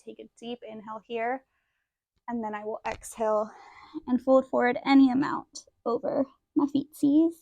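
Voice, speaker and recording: A woman's voice: high voice, creaky, no room sound. Chatty young woman teaching yoga. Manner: chatty, self-deprecating, demonstrating poses while talking. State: out of breath. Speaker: yoga instructor. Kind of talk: casual yoga demonstration. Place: indoor room, yoga mat.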